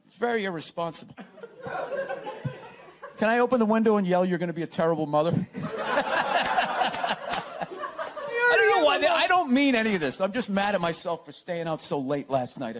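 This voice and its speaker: A man's voice: high voice, a little hiss or hum. A man talking in a casual interview, sarcastic and ranting, laughing often as he tells stories. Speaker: comedian guest.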